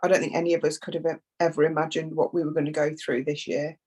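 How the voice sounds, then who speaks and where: A woman, a bereaved mother, speaking through tears in a halting, emotional conversation, often repeating words. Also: low voice, little pitch movement, darkish tone, slightly rough, rough recording. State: tearful. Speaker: foundation founder, bereaved mother.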